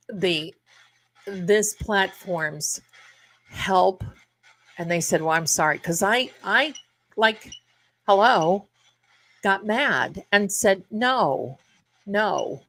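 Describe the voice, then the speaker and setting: A woman's voice: mid-range voice, drawn-out words, pauses often, fairly bright tone. A middle-aged woman hosting a live tarot stream, chatting casually and rambling to her viewers, calling them her darlings.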